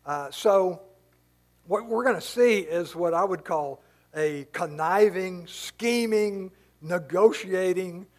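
Male preacher, higher register, casual storytelling sermon full of asides. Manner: casual, explanatory, tells stories with many asides. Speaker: pastor. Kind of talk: conversational Bible teaching sermon.

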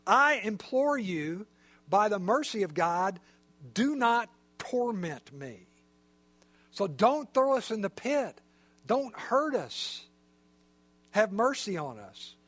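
A man voicing frightened demon spirits, pleading in a rushed, high voice while reading from scripture. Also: very animated, fairly bright tone, heavily acted.

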